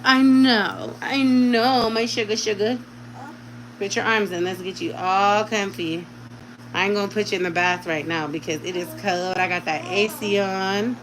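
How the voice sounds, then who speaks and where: A woman's voice: medium pitch, steady tone, a little slow, a little hiss or hum, poor audio. A woman at home talking in casual vlog chat while caring for a baby, slipping into doting baby talk as she coaxes an infant to speak. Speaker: vlogger.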